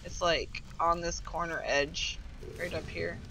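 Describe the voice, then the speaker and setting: A woman's voice: on the low side, level tone, slow, noisy background. A woman streaming a game in rambling, giggly casual chat, swearing freely as she goes. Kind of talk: casual chat while playing.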